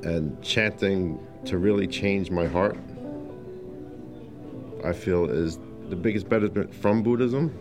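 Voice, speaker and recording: A man's voice: deep voice, takes it slowly, long pauses. A man telling his personal story in casual testimony, acting out quotes with lots of fillers, over faint music. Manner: animated storyteller who acts out quotes, many fillers. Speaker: interviewee sharing his story.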